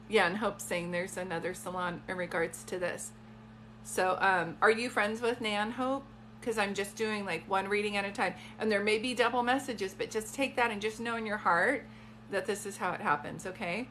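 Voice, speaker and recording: A woman's voice: mid-range voice, fairly even intonation, normal speed, a bit bright, a little hiss or hum. A woman giving a psychic reading on a live stream from a phone, talking in chatty, rambling asides. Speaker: psychic medium.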